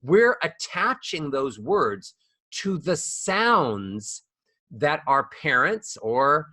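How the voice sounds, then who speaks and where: Animated bright-voiced man, voice coach. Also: on the high side, extremely slow, no echo, clean studio sound. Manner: playful, acts out voices of others. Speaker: voice coach guest. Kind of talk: animated podcast conversation.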